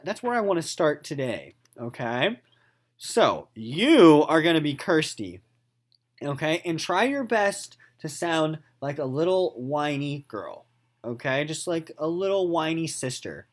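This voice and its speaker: Lively teacher explaining to his class. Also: on the high side. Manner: animated, keeps checking in with "okay?" and "right?"; explains slowly, repeating each point in simpler words. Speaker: sixth-grade literature teacher. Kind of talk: recorded remote lesson and reading aloud.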